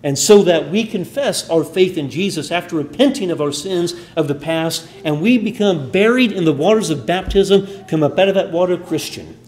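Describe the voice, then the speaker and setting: A man preaching a sermon in a church, earnest, building emphasis then falling to quiet endings. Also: fairly high pitch, animated, normal speed, hardly any pauses.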